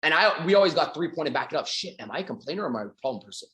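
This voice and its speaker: A Canadian man with a fairly high voice talks rapid-fire in a roomy-sounding recording. A sales coach, he gives an online audience a motivational sales talk through animated storytelling, acting out little dialogues and swearing casually.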